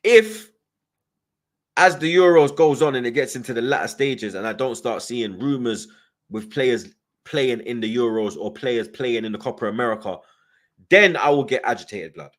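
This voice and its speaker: A man's voice: mid-range voice, expressive, moderate pace, a bit bright. A young man hosts a fan channel, chatting casually and reading viewer comments, with constant slang and "you get me" tags. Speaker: football fan channel host.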